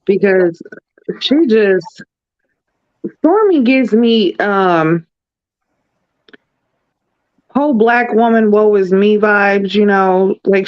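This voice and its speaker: A woman co-hosting a casual recap chat, sassy and animated, calling everyone girl. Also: mid-range voice, dull audio. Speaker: podcast co-host.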